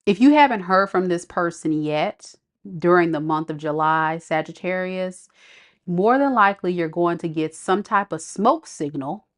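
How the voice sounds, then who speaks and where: A woman's voice: on the low side, expressive, normal speed. A woman giving a casual tarot reading, chatty, blunt and sassy with her viewers. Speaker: tarot reader.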